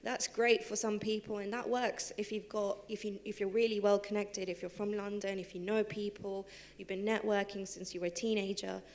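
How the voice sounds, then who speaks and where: A young woman who is a guest on a live panel, talking quickly and casually about her life, with plenty of fillers and laughing at herself. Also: mid-range voice, flat delivery, darkish tone. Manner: fast, chatty, lots of fillers, laughs at herself. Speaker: panel guest, civil servant and henna artist. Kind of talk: live panel talk, personal storytelling. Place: theatre stage.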